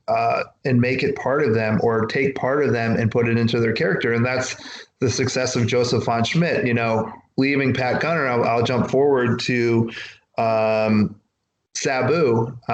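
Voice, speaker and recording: Guy rambling through wrestling-days stories, doing little voices for people, roomy echo and some faint hiss. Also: medium pitch. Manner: rambling, acts out quotes from others. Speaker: wrestler guest. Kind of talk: casual interview storytelling.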